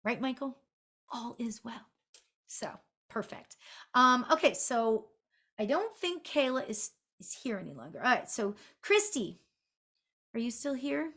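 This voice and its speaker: A woman's voice: high voice, big pitch swings, moderate pace, a bit bright. Chatty, sing-songy woman medium. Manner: chatty, laughing, sing-songy, many fillers. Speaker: spiritual medium. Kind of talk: live online reading, casual chat.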